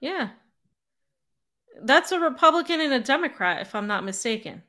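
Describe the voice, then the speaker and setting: Female co-host, bright and fairly high, chatty, hesitant. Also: sing-song, normal speed. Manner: laughing, chatty, hesitant with fillers. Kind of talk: casual political talk show.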